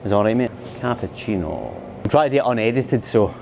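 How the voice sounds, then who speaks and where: A man's voice: on the low side, lively intonation, brisk, vocal fry, a crowd in the background. A Scottish man vlogging a night walk through a city street, chatty and self-mocking, recorded on a handheld camera mic. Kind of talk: walking-tour vlog narration.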